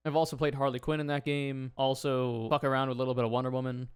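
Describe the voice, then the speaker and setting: A man's voice: mid-range voice, level tone, fast, clean tone, no echo, clean studio sound. A young man hosting a casual viewer Q&A, talking in a blunt, laid-back way with frequent swearing and rambling asides. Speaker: YouTuber answering viewer questions. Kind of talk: casual Q&A monologue.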